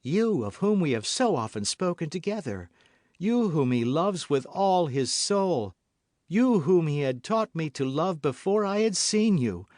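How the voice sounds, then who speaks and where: A man voicing a scheming noblewoman who speaks in a smooth, guarded, falsely warm way. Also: a little high, very animated, unhurried, dry recording, studio quality, pitched above the performer's own voice. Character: scheming noblewoman, cold, cunning, falsely sweet.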